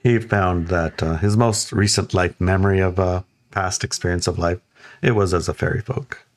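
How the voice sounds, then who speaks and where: A man co-hosting a podcast, telling a story in a relaxed, chatty way and acting out the voices of people he quotes. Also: normal speed. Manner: animated, acts out quoted voices with playful high pitch. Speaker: podcast co-host. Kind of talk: casual storytelling chat.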